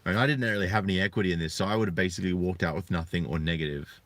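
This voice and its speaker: Low, dry-sounding man in his thirties, a reflective live-stream host. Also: a bit bright, no room sound. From Australia. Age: 30s. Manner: earnest, reflective, halting. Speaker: channel host. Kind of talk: live-streamed personal talk.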